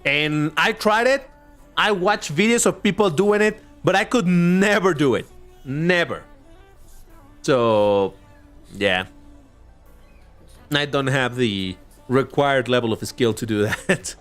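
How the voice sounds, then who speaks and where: A man livestreaming himself playing a racing game, chatty and opinionated. His voice sits a little high and swings widely, with sudden excited jumps. Soft music runs underneath. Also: slow pace, pauses often. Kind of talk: live gameplay commentary.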